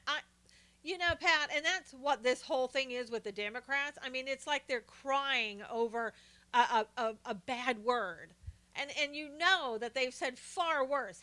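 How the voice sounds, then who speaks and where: Older lady doing a chatty political livestream, high bright voice, keeps saying hi to viewers. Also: measured pace. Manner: chatty, greets viewers by name while talking. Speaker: live stream host. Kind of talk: casual political commentary livestream.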